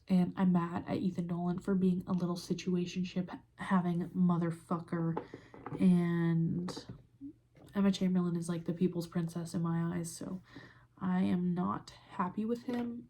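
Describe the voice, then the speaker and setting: A woman's voice: on the low side, creaky, dark tone, a little hiss or hum. A young woman hosting a podcast, ranting in a heated, profane and exasperated way while doing her makeup and recording on her phone. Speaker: podcast host. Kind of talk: casual ranting commentary.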